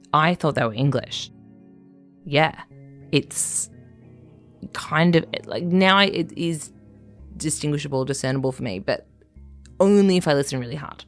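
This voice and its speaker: A woman's voice: deep voice, creaky. An Australian woman, a writer, talking in a reflective, conversational way, full of fillers and restarts and frequent small laughs. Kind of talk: reflective casual interview talk. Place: living in Scotland.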